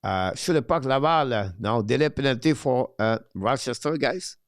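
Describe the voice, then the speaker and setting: A French-accented man hosts a live hockey watch-along and answers viewer questions in halting English, pausing often on filler sounds. His voice sits in a middle pitch. The recording is dry, with no room echo. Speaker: live show host.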